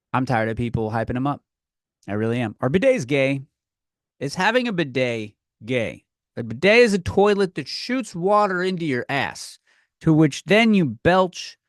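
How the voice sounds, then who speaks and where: A young man hosting a comedy podcast, ranting in a rambling, profane way that swings between loud outbursts and muttering. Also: medium pitch, no room sound, clean studio sound. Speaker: podcast host. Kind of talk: comedic rant.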